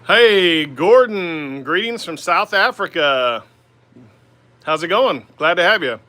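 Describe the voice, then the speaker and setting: A man's voice: fairly high pitch, lively intonation, slow pace, pushed and bright, dry recording. A man in his forties with an Oklahoma accent, hosting a livestream from his woodshop and chatting easily with viewers, full of "man" and "uh". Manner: easygoing, rambling, lots of "man" and "uh". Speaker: woodturning livestream host. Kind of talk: casual livestream chat answering viewer comments. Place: home woodworking shop by the lathe.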